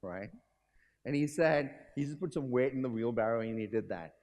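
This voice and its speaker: A man giving a motivational business talk, telling a story and quizzing the audience. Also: moderate pace. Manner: animated, swings pitch and volume. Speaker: keynote speaker. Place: hotel conference hall.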